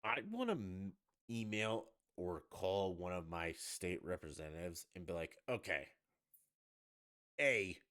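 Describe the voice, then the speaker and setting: Deep-voiced ranting podcast man. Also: unhurried, smooth. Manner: profane, ranting, animated outbursts. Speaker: podcast host. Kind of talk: casual livestream rant.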